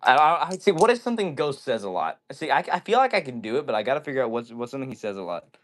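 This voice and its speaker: A man's voice: medium pitch, very animated, racing, a bit bright. A man hosting a casual livestream, chatting with viewers and rambling and apologizing often. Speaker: livestream host.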